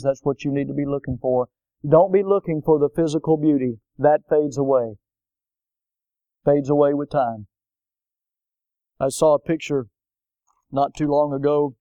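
A male pastor preaching with a fairly high but mellow, dark-toned voice. He builds to loud peaks on key points and slows down to drive them home. The recording is dull and lo-fi, with a dry, close sound. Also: dry recording. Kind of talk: sermon with closing prayer.

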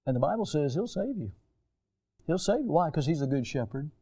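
Emphatic American preacher, mellow voice. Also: male voice, fairly high pitch, very animated, fairly quick. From United States. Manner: emphatic preacher, swinging between hushed and loud. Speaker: pastor. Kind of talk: sermon.

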